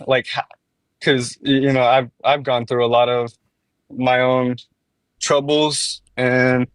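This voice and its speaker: A man's voice: medium pitch, little pitch movement, slow, dry recording. A man calling into a casual talk show, hesitant and searching for his words. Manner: hesitant, many fillers and restarts. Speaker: caller. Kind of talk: casual call-in chat.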